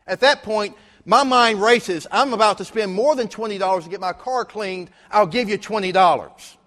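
Guy preaching with a pretty high voice, lively storyteller, big echoey church hall. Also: moderate pace. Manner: lively storyteller, often acting out dialogue. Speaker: pastor. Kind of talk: storytelling sermon. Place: church sanctuary. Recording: long reverb of a large hall.

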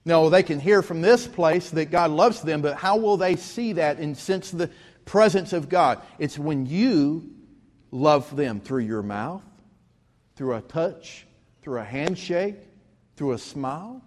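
Man, preaching, fairly high voice, long church reverb. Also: animated, slow, darkish tone. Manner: preaching with rising emphasis and storytelling. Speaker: pastor. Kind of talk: sermon. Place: church sanctuary.

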